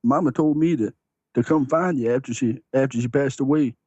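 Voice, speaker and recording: A man playing a simple-minded young man in his thirties who calls in claiming to be a long-lost son, talking slowly and plaintively. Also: mid-range voice, a little mellow, dry recording, close to an everyday voice. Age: 30s. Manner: slow, childlike, plaintive. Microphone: video call. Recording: muffled lo-fi call audio.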